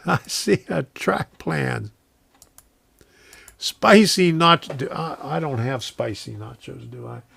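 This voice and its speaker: A man's voice: medium pitch, takes it slowly, vocal fry, long pauses, a bit bright, husky, no room sound. A man hosting a casual live stream from his home train room, rambling, chuckling often and reading viewers' comments aloud.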